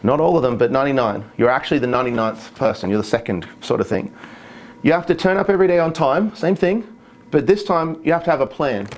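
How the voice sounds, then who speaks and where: A man giving an interactive stage talk, quizzing the audience with brisk, encouraging check-ins. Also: medium pitch, a little hiss or hum. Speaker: speaker.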